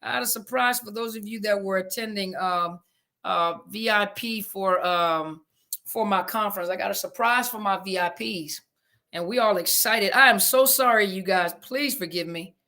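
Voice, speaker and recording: In a casual live-stream chat, a woman therapist answers listener comments she reads aloud, her Southern-flavored speech punctuated by flustered apologies after technical slips. She speaks at a moderate pace in a mid-range voice that sounds pushed and bright.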